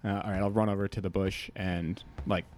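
A man playing a tabletop game, quickly and casually stating what his character does. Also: low voice, level tone, darkish tone. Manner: quick, casual declaring of actions. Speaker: player.

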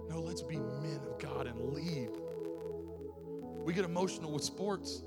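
Impassioned pastor over loud music. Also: male voice, on the high side, lively intonation, unhurried, pauses often. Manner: impassioned preaching, rising and falling between loud and soft. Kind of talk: sermon. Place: church sanctuary. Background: music playing.

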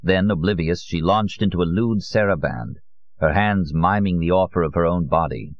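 A man narrating a novel as an audiobook in an expressive, literary reading style. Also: sits low, moderate pace, dry recording, lo-fi sound.

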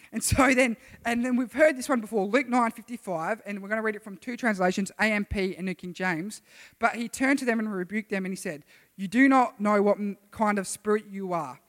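Man preaching in a reverberant hall. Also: high voice. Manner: casual, energetic, calls on listeners to respond. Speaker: youth pastor. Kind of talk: sermon.

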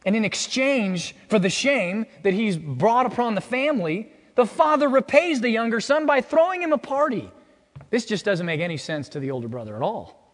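A male pastor delivers an expository sermon, reading scripture and asking rhetorical questions. His voice sits fairly high for a man. The sound carries the long reverb of a church hall. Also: sing-song, moderate pace.

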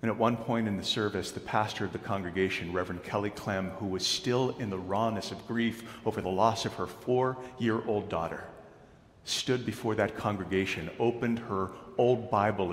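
A man's voice: fairly low pitch, normal speed. Man preaching in a reverberant church. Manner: dramatic storytelling, building to loud proclamations. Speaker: pastor. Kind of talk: sermon. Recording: echoey hall.

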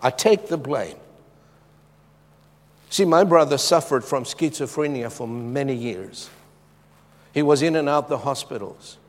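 A middle-aged man from Zimbabwe preaching a sermon, swinging from loud, emphatic lines to hushed, soft ones. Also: medium pitch, moderate pace, big-room sound.

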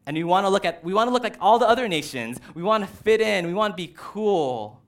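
The Israelites, impatient and whiny, loudly demand a king, as a male preacher puts them on. The voice is slightly high and pushy. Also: lively intonation, brisk.

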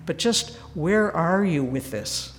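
An older religious sister leading a spoken retreat talk in a large church, telling stories with earnest warmth and wry humor. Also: female voice, on the low side, animated, slow pace, big-room sound, slight background noise.

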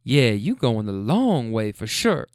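A man voicing an elderly grandmother passenger who teases in a slow, dry drawl. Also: very deep voice, big pitch swings, a little mellow, no room sound, pitched below the performer's own voice, heavily acted. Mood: teasing.

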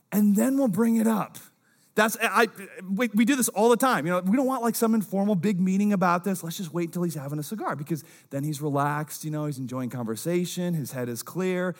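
Man, young adult, pastor, conversational sermon, slightly high voice, quiet asides and loud emphasis.

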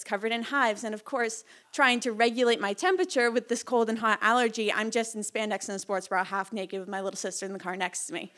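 A young woman from Massachusetts telling a personal story to a live audience, breathless and animated, with lots of fillers. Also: on the high side. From Massachusetts, Cape Cod. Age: young adult. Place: small hall before a live audience.

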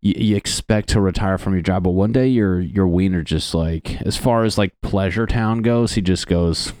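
A man's voice: deep voice, moderate pace, darkish tone, dry recording, studio quality. A man doing a casual, crude comedic monologue as a podcast host, rambling and laughing at his own jokes.

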